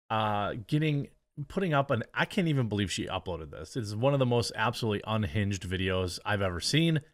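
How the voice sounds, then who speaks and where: A man's voice: lowish voice, no room sound, clean studio sound. A man hosting a reaction commentary, mocking and sarcastic as he talks over a clip. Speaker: commentary host.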